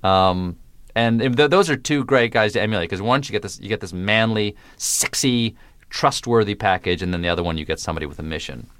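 A man's voice: on the low side, a little fast, fairly bright tone, clean tone, no echo. A man from the American South with no regional accent, a comedian talking wryly and with precise diction in a radio interview. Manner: wry, precise diction, playful. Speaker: guest, comedian.

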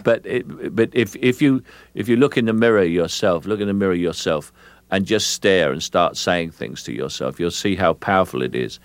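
An older man from England, an actor being interviewed on radio, who speaks in a slow, measured way and repeats words while he thinks. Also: low voice, no room sound.

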